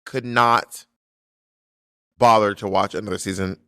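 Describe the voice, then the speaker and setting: A man talking casually as a guest, an animated storyteller who acts out what others said. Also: on the low side, a little slow, clear, resonant tone, dry recording, studio quality. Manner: animated storyteller, slips into quoted voices. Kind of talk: casual chat.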